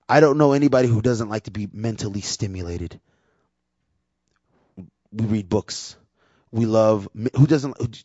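A man with a fairly low voice delivers a sermon in a candid, conversational way, often acting out what people say. The recording is dull and lo-fi, with a close, dry sound and no room echo. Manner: conversational, candid, acts out quotes in lively voices. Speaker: preacher and worship leader.

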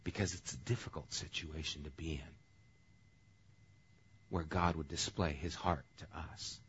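A male pastor preaching a sermon in a conversational, animated way. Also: extremely low pitch, measured pace, husky, highs cut off.

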